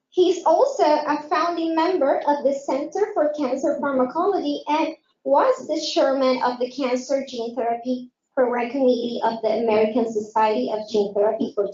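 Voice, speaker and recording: A woman moderating a symposium, reading a formal, measured introduction of the next speaker from a script. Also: sits high, darkish tone. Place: lecture hall. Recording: echoey, dull lo-fi hall recording.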